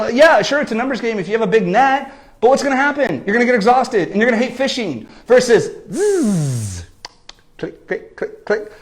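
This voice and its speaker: High-pitched energetic man coaching. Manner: animated, keeps adding "okay?" and "right?". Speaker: business coach. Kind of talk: energetic marketing talk. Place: lives in San Diego.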